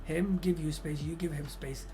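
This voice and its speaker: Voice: mid-range voice, moderate pace, soft background music. A streamer giving relationship advice in casual live-stream chat, blunt and swearing constantly, acting out the people in the stories. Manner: animated, acts out quoted voices.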